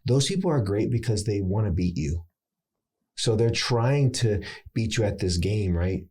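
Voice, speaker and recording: An American man in his thirties, an actor and acting coach, chatting casually in an interview and telling animated stories. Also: measured pace, slightly rough. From United States. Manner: animated storyteller, swings pitch to make points.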